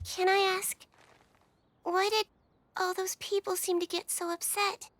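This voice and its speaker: A woman's voice: very high-pitched, level tone, unhurried, fairly bright tone, no echo. A woman voicing a polite, earnest young witch heroine in an anime dub.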